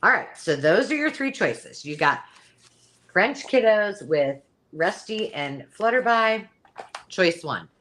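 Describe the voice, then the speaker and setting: A woman's voice: mid-range voice, sing-song, takes it slowly, fairly bright tone. A middle-aged woman hosting a live sale, talking in a rambling, chatty way with frequent ums. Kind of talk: casual live-stream selling chat.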